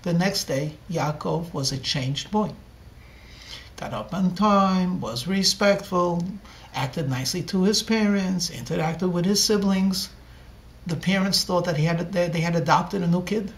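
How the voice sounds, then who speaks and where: A man's voice: sits high, a little slow. A man, a rabbi, telling a story in a sermon and acting out the characters' lines dramatically. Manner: dramatic storyteller, acts out dialogue.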